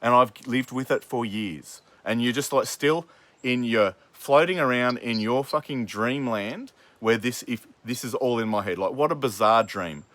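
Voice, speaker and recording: A man's voice: medium pitch, moderate pace, fairly bright tone, dry recording. A man hosting a podcast who argues angrily with his father, swearing often and talking over him. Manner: angry and swearing, talking over the other speaker. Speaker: podcast host. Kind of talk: heated family argument.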